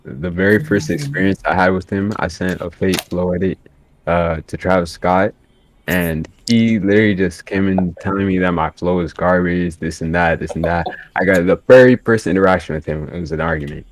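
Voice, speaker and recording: A man's voice: sits low, normal speed. A man talking casually about his experience, rambling with lots of fillers. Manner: laid-back, rambling with many fillers. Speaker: podcast guest editor. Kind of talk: casual chat.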